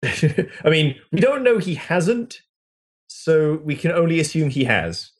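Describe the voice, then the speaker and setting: A man co-hosting a casual podcast chat, playful and jokey, quick to laugh, talking from a small closed-up room at home. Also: a little high, sing-song. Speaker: podcast co-host.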